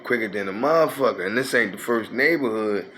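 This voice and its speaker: A man's voice: on the low side, expressive, brisk, a bit bright, a little hiss or hum. A man, telling a rambling, profane street story in a casual way. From North Philadelphia. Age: 50s.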